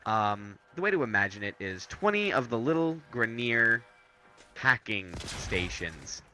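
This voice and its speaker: A man co-hosting casual gaming commentary, joking crudely and rowdily with sudden loud outbursts. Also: medium pitch, big pitch swings, a little slow, a little hiss or hum. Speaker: gaming co-host.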